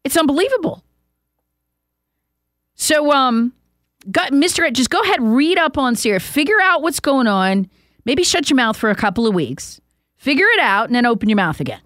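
A woman's voice: sits high, sing-song, moderate pace, pauses often, a bit bright, no room sound, studio quality. A woman hosting a talk show, delivering an emphatic, opinionated and mocking political monologue. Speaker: talk radio host.

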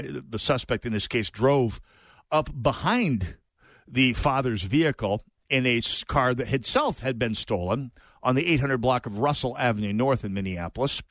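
A man's voice: mid-range voice, a bit bright, no room sound. A middle-aged man hosting an opinion talk radio show, talking in a digressive way with sarcastic asides.

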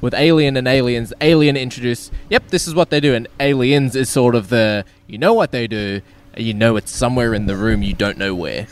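An excitable man talking about films with friends, casual and animated. His voice sits in a middle pitch. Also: moderate pace. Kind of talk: casual film discussion.

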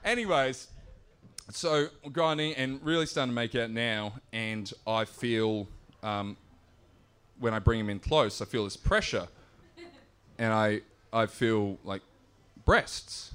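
A young Australian man telling a sweary, animated story on stage, laughing as he goes. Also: mid-range voice, slow pace, pauses often, clear, resonant tone. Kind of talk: live stand-up storytelling.

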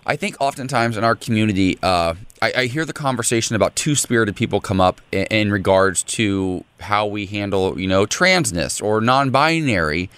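A man's voice: fairly low pitch, lively intonation, moderate pace, few pauses, fairly bright tone, clear, resonant tone, dry recording. A man co-hosting a morning show, teasing his partner with dry jokes and then interviewing a guest. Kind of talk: casual chat.

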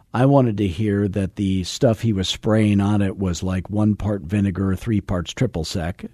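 A man's voice: on the low side, dark tone, dry recording. A man from Arizona, a real estate coach hosting a podcast, telling a story in a chatty, self-deprecating way with many fillers. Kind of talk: casual storytelling monologue.

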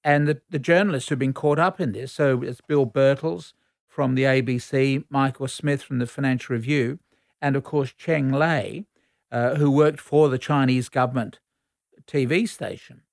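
A man, a foreign affairs commentator answering radio interview questions in a measured, explanatory lecturing tone. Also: mid-range voice, vocal fry, dry recording, studio quality.

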